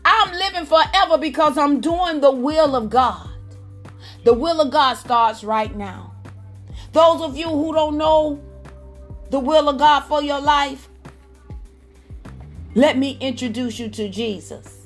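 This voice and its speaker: High-voiced, unhurried woman preaching fervently. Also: soft background music. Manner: fervent, exclamatory, calls out to listeners. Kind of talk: sermon.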